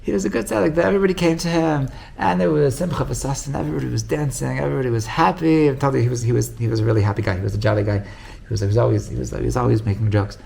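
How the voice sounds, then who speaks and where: A male rabbi with a gravelly voice tells stories energetically in a Torah class, speaking very fast with few pauses. He acts out quoted voices with big jumps in pitch, and restarts and repeats words often.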